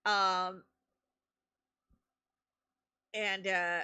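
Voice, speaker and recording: A woman streamer telling a story in casual live-stream chat, excitable, laughing often and swearing casually. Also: mid-range voice, very slow, smooth.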